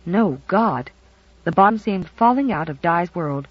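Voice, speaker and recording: Expressive, dry audiobook narrator. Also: medium pitch, a little slow, no echo, highs cut off. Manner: expressive storytelling.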